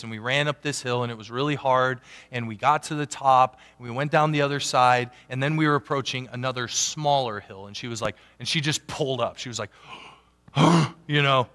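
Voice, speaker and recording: A man preaching a sermon as a pastor, animated, swinging from loud emphatic peaks down to quiet asides. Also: mid-range voice, moderate pace. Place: church sanctuary. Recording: long church hall reverb.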